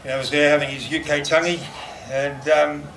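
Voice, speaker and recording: A man giving a memorial speech, telling fond stories in a halting way and laughing often, recorded from a distance in a noisy room. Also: a little high, level tone, gravelly, a bit bright. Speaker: eulogy speaker.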